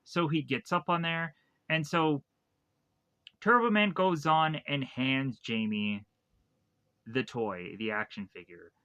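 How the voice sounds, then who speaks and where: A man's voice: mid-range voice, slow pace, long pauses, pushed and bright, clean tone. A man reviewing a movie, casually retelling the plot in a rambling way with lots of repeated phrases. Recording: dull lo-fi dry recording.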